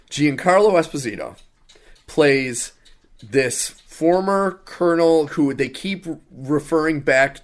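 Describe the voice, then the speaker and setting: A young adult man co-hosting a casual podcast, reviewing a movie in an exasperated, sarcastic rant. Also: medium pitch. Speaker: podcast co-host.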